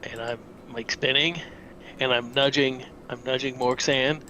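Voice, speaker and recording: A man's voice: medium pitch, fairly even intonation, unhurried, pushed and bright, a little hiss or hum. A man playing a tabletop game, describing his moves casually and a little hesitantly. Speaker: player.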